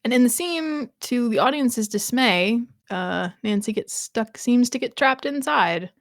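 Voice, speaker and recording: A woman's voice: on the high side, animated, unhurried, no room sound. Chatty woman podcast host, dry sound. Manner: chatty, laughs often, trails off and restarts. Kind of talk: casual podcast chat recapping a TV episode.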